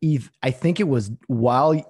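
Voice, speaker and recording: A man's voice: mid-range voice, moderate pace, a little mellow, slightly rough. A man hosting a podcast in easygoing, casual chat, often laughing as he recounts anecdotes. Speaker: podcast host.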